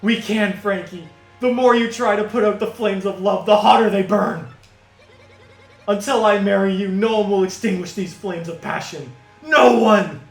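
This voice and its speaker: A man's voice: sits high, normal speed, creaky, voice pushed up. A man voicing a headstrong young female Pianta, the daughter of a mob boss, in a melodramatic, pleading way. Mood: passionate. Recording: echoey room, music behind.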